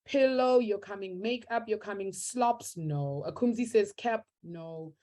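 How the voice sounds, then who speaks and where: A young woman teaches a live online maths class, reading students' answers from the chat in an upbeat, encouraging way. Her voice is mid-range and mellow, and she speaks a little slowly.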